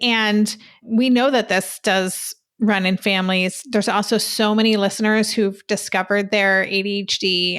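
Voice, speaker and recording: A woman hosts a parenting podcast and leads the interview, framing her questions in a relaxed, conversational way. Her voice sits in an ordinary middle range. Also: medium pitch. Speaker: podcast host. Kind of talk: interview hosting.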